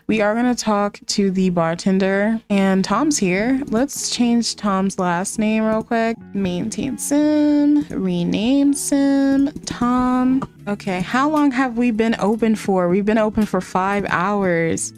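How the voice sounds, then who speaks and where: A woman in an excitable, talkative mood, narrating her game moves as she plays. Her voice leaps up in moments of delight. Faint game music sits behind her. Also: medium pitch, slow, few pauses. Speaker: gaming content creator. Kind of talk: casual gameplay commentary.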